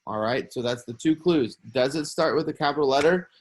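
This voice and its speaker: A man's voice: medium pitch, a little fast. A man with a mid-range voice teaches a recorded grammar lesson for young students. He is patient and repetitive, stating each rule again as he steps through the examples one by one.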